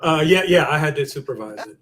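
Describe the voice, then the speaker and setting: A man co-hosting a podcast in casual chat, easygoing and halting, with restarts as he tells stories. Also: a little high, expressive, a bit bright. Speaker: podcast co-host.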